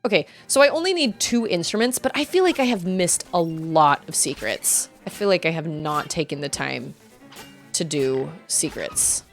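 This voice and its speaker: A woman's voice: low-pitched, moderate pace, soft background music. A young woman streaming a game, chatting casually with viewers and often laughing and squealing. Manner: chatty, giggly, squeals excitedly at game moments. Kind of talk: casual gameplay chat with viewers.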